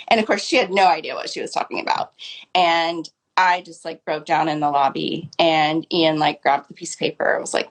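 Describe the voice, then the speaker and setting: A woman's voice: deep voice, fairly even intonation, fairly quick. A woman in her forties, a novelist guest on a live video call, earnestly recounting a story with frequent "like" fillers. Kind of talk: conversational storytelling. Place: home, video call on social live stream. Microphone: video call mic.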